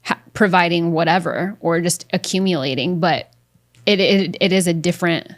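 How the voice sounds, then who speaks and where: A woman hosting her own podcast in candid conversation, chatty and quick to laugh, with casual swearing. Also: fairly low pitch, steady tone. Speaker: podcast host. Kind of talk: candid unscripted podcast talk.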